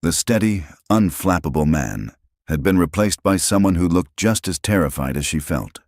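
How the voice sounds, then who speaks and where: A man with an extremely deep voice narrates a scripted story in a dramatic, suspenseful way. His pitch rises and falls a lot, and the sound is dry and close to the mic. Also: expressive, normal speed, a little mellow, dry recording.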